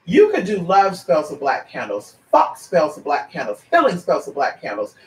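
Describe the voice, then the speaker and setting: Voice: medium pitch, huge pitch swings, normal speed. A psychic reader hosting a livestream, talking bluntly and swearing freely. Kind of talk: livestream chat. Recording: roomy sound from far off.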